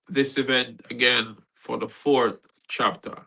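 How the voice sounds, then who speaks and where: A man's voice: mid-range voice, normal speed, low-quality recording. A man hosting an online spoken word show and reciting a poem, on a video call mic. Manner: animated, laughing, patois phrases. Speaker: host.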